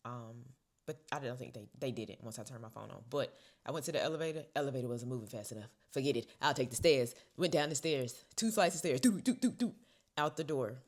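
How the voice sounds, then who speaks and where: A young female vlogger shares a personal story in an expressive, informal way, alternating hushed whispers with loud bursts. She talks fast, in an extremely low-pitched voice.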